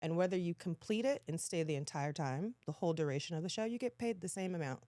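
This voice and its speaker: A woman guest in a casual podcast chat who tells her stories with lively energy. Her voice sits a little low, and the sound is dry and close. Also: quick pace, no room sound. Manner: animated storytelling, laughs often.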